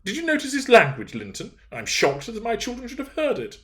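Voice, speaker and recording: A man voicing a shrill, indignant old gentlewoman in a classic novel reading. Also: huge pitch swings, a little fast, heavily acted. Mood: shocked. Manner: scandalised, high-pitched exclamations. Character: shrill indignant old lady, genteel mother.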